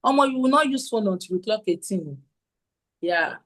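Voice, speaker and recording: A woman's voice: medium pitch, normal speed, low-quality recording. A woman, giving a parenting talk at a conference and asking her listeners questions as she acts out what parents and children say. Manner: animated, acts out quotes, asks audience questions.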